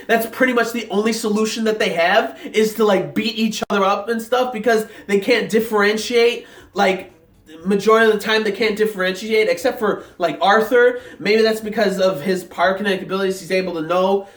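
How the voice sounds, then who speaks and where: A young man excitedly rambling through an episode reaction, full of fillers and restarts. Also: sits high. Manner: rambling, filler-heavy talk, many restarts; excited, hyped. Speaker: anime reviewer. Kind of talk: casual episode reaction vlog. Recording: echoey room, mic set at a distance.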